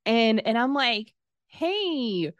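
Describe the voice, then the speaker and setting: A woman in her thirties telling a personal story in casual conversation, acting out the quoted dialogue with lively swings in her voice. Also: medium pitch, moderate pace, no echo, muffled recording. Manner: animated, acts out quoted dialogue.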